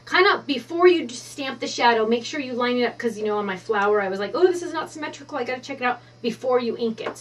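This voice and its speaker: Bubbly woman craft-tutorial host, high voice, mic set a little back from her. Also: far from the mic. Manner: bubbly and excitable, gushing. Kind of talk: stamping tutorial demonstration. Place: craft studio at counter height.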